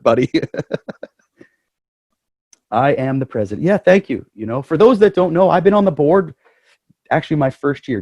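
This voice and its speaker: A man's voice: mid-range voice, a little mellow, dry recording. Club president guy on a video call, chatty, jokey, dry close sound. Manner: chatty and joking. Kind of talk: casual address to members.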